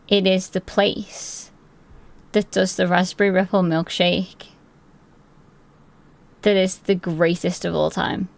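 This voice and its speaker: A young woman live-streaming, chatting excitably and rambling while she plays, swearing freely. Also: lowish voice, vocal fry. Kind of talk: casual live-stream chat while gaming.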